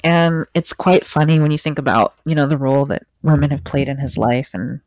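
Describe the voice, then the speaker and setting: A woman's voice: deep voice, fairly even intonation, a little fast, a little mellow, dry recording. A woman co-hosting a casual podcast chat about astrology, laid-back and hesitant, trailing off with fillers. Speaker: podcast co-host.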